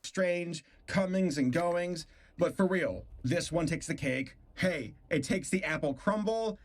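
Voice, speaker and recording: A man's voice: fairly high pitch, unhurried. A man hosting a stream, reviewing a cartoon episode in casual, incredulous commentary, disgusted and laughing often.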